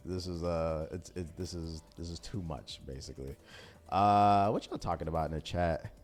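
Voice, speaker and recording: A man's voice: low voice, soft background music. A man from Washington, D.C. co-hosting a livestream, telling stories in casual chat with slang. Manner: fast, animated storytelling with slang. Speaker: co-host.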